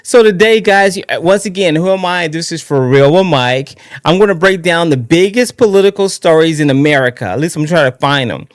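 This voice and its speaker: A man hosting his own live political talk stream in a casual, excitable, rambling way, often restarting his sentences. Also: fairly high pitch, no echo, studio quality. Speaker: livestream political show host.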